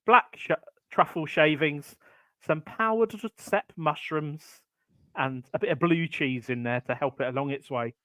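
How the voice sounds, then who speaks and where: A man's voice: on the high side, unhurried, pushed and bright, no room sound. A man co-hosting a podcast in casual chat, rambling and hesitant with plenty of ums while he tells a story. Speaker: podcast co-host.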